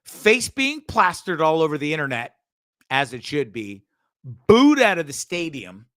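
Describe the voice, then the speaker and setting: A man hosting a show, giving ranting commentary on a video in a profane, sarcastic, animated way. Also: a little high, a little slow. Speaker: show host.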